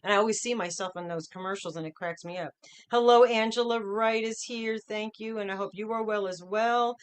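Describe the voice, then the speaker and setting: A woman's voice: medium pitch, steady tone, brisk, clear, resonant tone. A middle-aged woman hosting a casual livestream from home, chatting upbeat and greeting viewers by name one after another. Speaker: livestream host.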